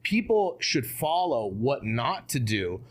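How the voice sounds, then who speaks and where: A man guest on an interview podcast, talking in a casual, animated way, full of rhetorical questions and asides. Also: medium pitch, slow pace. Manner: animated, asks rhetorical questions, frequent "you know what I mean".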